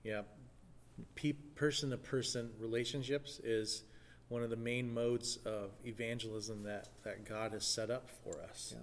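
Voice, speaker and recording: A man's voice: mid-range voice, fairly even intonation, measured pace, a little hiss or hum. A man in a casual church talk, speaking earnestly and thinking aloud with many fillers. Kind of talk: casual chat.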